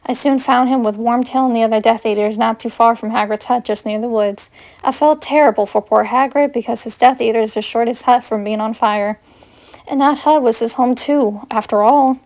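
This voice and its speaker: A woman's voice: fairly high pitch, darkish tone. A woman reading her own first-person fanfiction aloud in an earnest storytelling way. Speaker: fanfiction reader.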